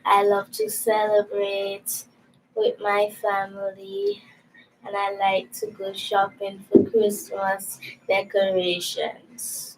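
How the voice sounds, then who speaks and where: A young guest on a radio show, giving short, shy, plain answers. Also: female voice, mid-range voice, slow pace, noisy background.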